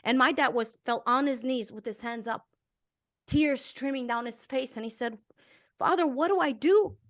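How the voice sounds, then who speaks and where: This guest author, a woman from Romania in her fifties, tells an interviewer a personal story at a moderate pace. Her fairly high voice holds a steady tone while she speaks earnestly and emotionally, with intense swells and quiet, hushed drops.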